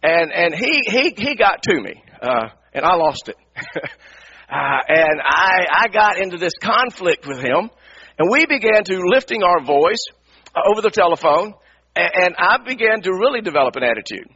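Husky pastor guy telling a story in his sermon, bright high voice, dull radio sound. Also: normal speed. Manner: animated, repeats words, acts out his own anger.

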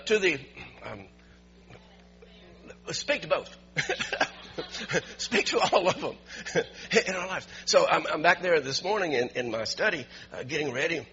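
A man preaching as a pastor, telling a story in an animated way and building to emphatic shouts, recorded in a church. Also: a little high, a little slow, pauses often. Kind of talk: storytelling sermon. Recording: dull lo-fi recording with faint hum.

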